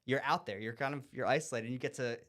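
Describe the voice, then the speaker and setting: A man hosting a podcast, chatting casually, telling stories in an animated way with frequent laughter and asides. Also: medium pitch, quick pace. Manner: animated storyteller, laughs often, trails off into asides. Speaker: podcast host. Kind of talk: casual conversation.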